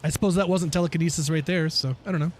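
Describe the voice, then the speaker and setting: A man's voice: fairly high pitch, steady tone, rapid-fire, a little hiss or hum. A man streaming a video game, chatting casually with viewers, ranting and swearing freely and laughing at himself. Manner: reads and answers chat while playing. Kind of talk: casual live-stream chat.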